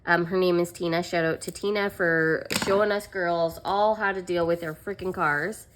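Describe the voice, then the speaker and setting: A young woman chats through a story about her own mishaps while she works on her planner. Her voice is bright and forward. She mocks herself, laughs often and leans on "like" and "um", with a faint hiss of noise underneath. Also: on the low side, steady tone, normal speed. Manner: chatty, self-mocking, laughs often, fillers like "like" and "um". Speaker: planner vlogger.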